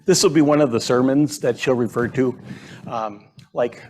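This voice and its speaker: A middle-aged man preaching a sermon in a church, conversational and halting, with frequent fillers and restarts. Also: mid-range voice, darkish tone, slight background noise. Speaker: pastor. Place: church sanctuary.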